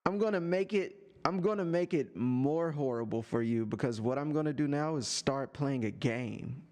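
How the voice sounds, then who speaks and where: A man live-streaming from a home setup with a desk microphone, talking to a chatter in a sarcastic, teasing rant full of drawn-out taunts. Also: on the high side, darkish tone. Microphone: desk microphone and headphones.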